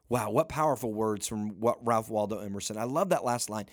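This man's voice is on the low side, brisk, with few pauses, captured dry at studio quality. As a leadership coach giving a motivational talk, he speaks emphatically, says "listen" again and again, and pushes up to near-shouting at the peaks.

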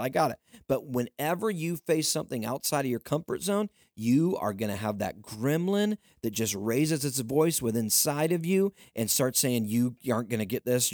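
A man's voice: mid-range voice, dry recording, clean studio sound. Earnest man giving a motivational talk. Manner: earnest, emphatic, repetitive exhortation. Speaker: podcast host.

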